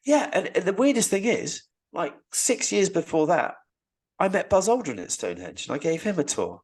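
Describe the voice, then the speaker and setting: A man's voice: high voice, sing-song, normal speed, darkish tone, slightly rough. A man, a guest on a podcast, telling stories in an enthusiastic, rambling way and often restarting his sentences. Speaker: Stonehenge guide and podcast guest. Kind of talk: casual storytelling interview.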